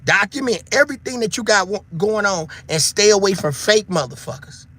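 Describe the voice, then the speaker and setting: Loud, preachy raspy-voiced man in his fifties. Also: high-pitched, fairly quick. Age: 50s. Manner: preachy, animated, swears freely, shouts for emphasis. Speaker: online show host. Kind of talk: casual monologue to viewers.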